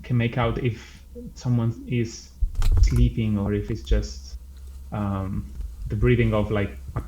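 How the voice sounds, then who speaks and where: Slow, halting male player. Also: fairly low pitch, level tone, warm tone, highs cut off, a little hiss or hum. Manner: halting, searching for words. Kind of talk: tabletop game chat.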